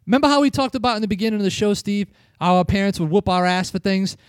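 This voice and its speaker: High-voiced ranting New England man. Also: quick pace, clear, resonant tone, dry recording, studio quality. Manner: profane, ranting, emphatic. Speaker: podcast host. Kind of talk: casual wrestling review chat.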